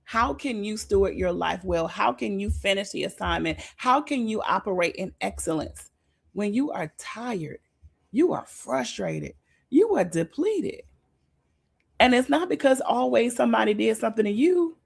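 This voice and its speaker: A woman leads a devotional talk as an informal sermon, her medium-pitched, creaky, husky voice lively in intonation at a moderate pace. She preaches conversationally and emphatically, often repeating her phrases.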